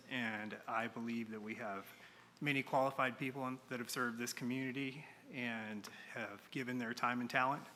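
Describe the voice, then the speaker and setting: A council member, a man with a strikingly bright, forceful voice, explains his vote in a measured, firm statement. The chamber adds a long reverb and faint room ambience. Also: mid-range voice, a little hiss or hum.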